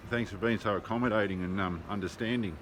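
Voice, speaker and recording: On a handheld phone, an Australian man records a casual video diary while walking and riding through city streets, with loud street noise in the background. His voice is on the low side, fairly even, and quick. He's blunt, swears, and uses lots of ums.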